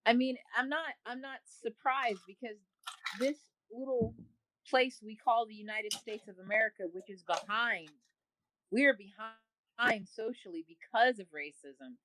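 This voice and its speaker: A woman's voice: fairly high pitch, unhurried, fairly bright tone, a little hiss or hum, low-quality recording. Earnest woman guest host. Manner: earnest, searching for words. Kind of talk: opinion discussion.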